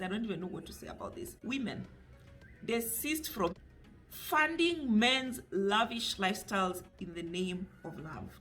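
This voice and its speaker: Kenyan woman, finance vlogger, direct and chatty, mid-pitched voice, quiet music bed underneath. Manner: chatty and direct, mixing in Swahili phrases. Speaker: personal finance YouTuber. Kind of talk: casual talk to camera.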